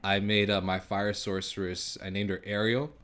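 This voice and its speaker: Deep-voiced man, relaxed podcast host, chatty storyteller. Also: normal speed. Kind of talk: casual chat about video games.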